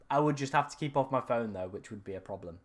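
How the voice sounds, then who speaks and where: Hoarse young man streaming. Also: medium pitch, expressive, fast talker. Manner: rambling, self-correcting, talks to chat. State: strained, raspy voice after hours of talking. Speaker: fantasy football streamer. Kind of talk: live stream chat. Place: room at home.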